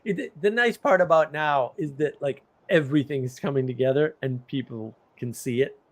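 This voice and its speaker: A livestream host from the US chats casually and tells stories, lively and expressive as he mimics people reacting in disbelief. His voice is a little high, his pace moderate, and there's no echo.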